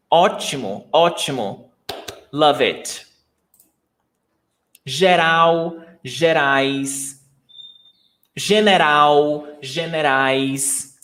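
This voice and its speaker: Guy teaching online, talks real slow, voice a bit high, repeats stuff and quizzes the class. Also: fairly bright tone, poor audio. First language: Portuguese. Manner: patient, repeats words slowly, asks students questions. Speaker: Portuguese teacher. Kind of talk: live online lesson.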